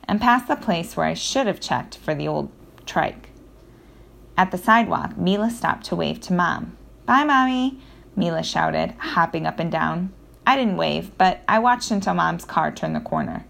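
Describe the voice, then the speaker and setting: Low, gravelly woman narrating a children's book. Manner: lively storytelling with self-corrections. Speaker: audiobook narrator. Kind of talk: first-person children's audiobook narration.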